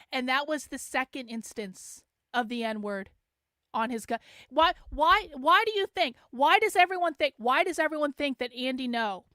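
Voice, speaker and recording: A woman's voice: high-pitched, lively intonation, normal speed, pushed and bright, dry recording, clean studio sound. A woman hosting a livestream, talking sarcastically and profanely to her chat. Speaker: host. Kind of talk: livestream commentary.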